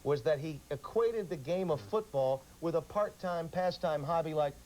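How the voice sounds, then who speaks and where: A man's voice: fairly high pitch, moderate pace, darkish tone, low-quality recording. Man co-hosting sports talk. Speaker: sports show co-host.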